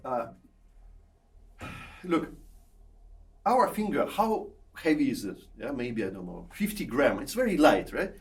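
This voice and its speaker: A man's voice: mid-range voice, big pitch swings, measured pace, long pauses. Man, piano masterclass teacher, coaxing, sings phrases, distant mic, echoey hall, piano behind. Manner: coaxing, checks in with 'yeah?' and 'eh?' often, sings phrases to show them. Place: recital hall or studio with a piano. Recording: roomy hall, from far off, piano sounds.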